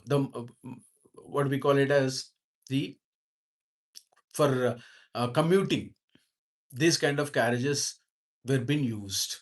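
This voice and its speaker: A man leads a devotional book study at a measured, unhurried pace. He reads a line and then goes back over it in plain words, hesitating and restarting as he works through it. His voice sits at an ordinary middle pitch. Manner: slow, repetitive explaining with many fillers and restarts. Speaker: spiritual teacher reading and explaining a book.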